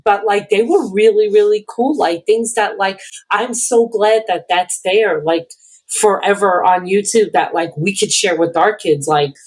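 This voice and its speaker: A woman's voice: medium pitch, measured pace, darkish tone, husky. A woman talking casually on a podcast, gushing with many likes and repeated words. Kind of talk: casual chat.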